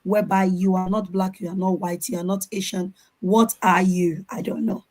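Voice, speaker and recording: A conference panelist speaks on a video call in a medium-pitched, slightly mellow voice with fairly even intonation and a moderate pace. Her advice is earnest, and she repeats words as she hunts for what comes next, all on a low-quality recording.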